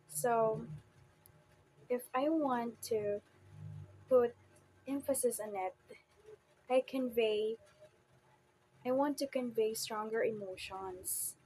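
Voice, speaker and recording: A woman's voice: on the high side, warm tone, slight background noise. A young woman giving a student report presentation, explaining carefully and stressing her example words. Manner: slow, deliberate explanation with emphatic example words.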